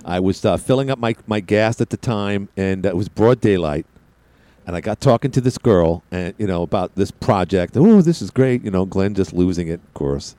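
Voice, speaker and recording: A man's voice: deep voice, brisk, dark tone, no echo. A man hosting a radio talk show, telling a rambling, self-mocking story while a little out of breath. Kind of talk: casual radio monologue.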